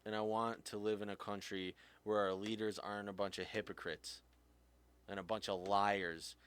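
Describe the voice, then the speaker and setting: A man's voice: on the low side, little pitch movement, normal speed, a bit bright, clear, resonant tone. A man hosting a podcast, ranting heatedly, swearing often, his voice jumping up when he gets angry. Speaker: podcast host. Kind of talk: impassioned rant.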